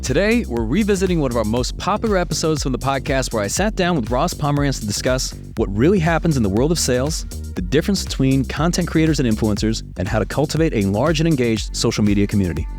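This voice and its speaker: A man's voice: medium pitch, animated, fast, hardly any pauses, darkish tone. Upbeat podcast host man, faint music. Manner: upbeat, promotional, friendly. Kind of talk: scripted podcast intro and interview.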